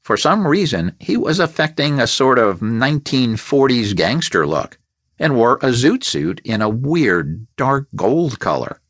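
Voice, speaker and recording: A male audiobook narrator with a mid-pitched voice that moves a lot, reading at an unhurried, deliberate pace. The studio recording is close and dry, with no room sound. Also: no room sound. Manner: measured, expressive storytelling.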